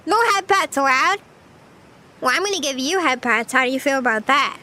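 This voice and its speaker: A woman's voice: high-pitched, expressive, fairly quick, bright, forceful tone. A young woman streaming casual chat, playful and chatty, often giggling as she reads her chat. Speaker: VTuber streamer.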